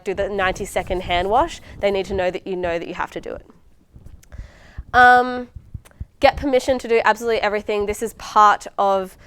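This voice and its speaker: A woman's voice: mid-range voice, clean tone, dry recording. A young woman in her twenties, a medical student giving a casual exam-prep lecture, chatty and full of ums and likes. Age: 20s.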